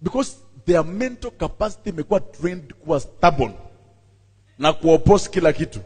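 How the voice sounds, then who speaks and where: A man, a pastor, preaching a sermon and telling a story with animated voices while calling out to his congregation. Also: on the high side, moderate pace, slightly rough. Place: church. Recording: long reverb in a church hall.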